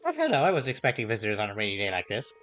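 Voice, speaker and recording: A man reading game dialogue aloud, voicing a gentle, chatty older woman shopkeeper in a soft, higher put-on voice. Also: wildly swooping pitch, racing, soft background music. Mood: kindly. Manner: gentle and polite.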